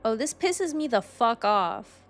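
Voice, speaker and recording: Woman streamer, high voice, unhurried delivery, profane ranting, sudden shrieks. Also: animated, faint music behind. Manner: bursts into shrieks. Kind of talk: casual gaming stream chat.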